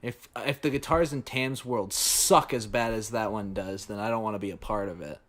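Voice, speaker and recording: A man's voice: fairly low pitch, normal speed, a bit bright. A man co-hosting a podcast, laughing and talking crudely while reacting to clips. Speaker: podcast co-host. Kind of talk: casual chat reacting to clips.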